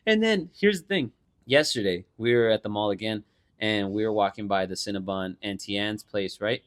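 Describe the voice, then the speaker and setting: A young man co-hosting a podcast, telling animated stories in casual chat and swearing freely. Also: on the low side, normal speed. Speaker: podcast co-host.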